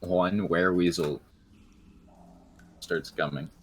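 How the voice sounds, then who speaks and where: Low voiced guy dm-ing a tabletop game, calm, lots of ums. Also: takes it slowly, a little hiss or hum. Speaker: game master. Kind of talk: narrating a tabletop game over voice chat.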